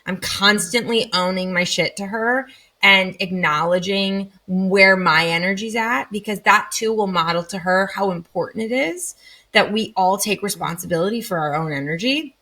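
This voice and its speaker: Woman, 30s, podcast guest; crisp bright tone, expressive storyteller who acts out moments. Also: mid-range voice, normal speed. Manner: animated, acts out anecdotes with lively emphasis. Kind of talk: casual conversational storytelling.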